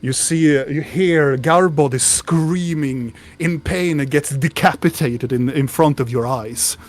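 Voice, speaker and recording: A man's voice: fairly high pitch, a little slow. A man narrating a tabletop game as game master, describing scenes with frequent restarts.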